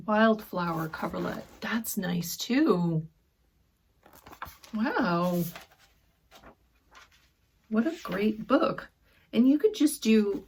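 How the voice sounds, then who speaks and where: A woman talks through her sewing haul in a slow, gravelly voice. She gushes softly and keeps dropping to a near whisper. There is a breathy, husky edge to her casual chat. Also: mid-range voice. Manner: gushing, soft-spoken, often drops to a whisper over fabrics. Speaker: sewing vlogger.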